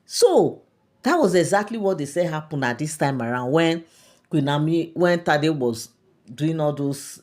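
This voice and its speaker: Low-voiced Nigerian woman telling gossip. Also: lively intonation, unhurried, a little mellow. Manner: chatty, repeats herself, lots of hesitations. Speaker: celebrity gossip vlogger. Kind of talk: casual gossip storytelling.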